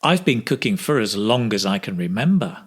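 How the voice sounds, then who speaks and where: A man teaching English speaking, modelling phrases slowly with exaggerated intonation for learners to repeat. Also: lowish voice, big pitch swings, husky. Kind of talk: slow, clear pronunciation drill.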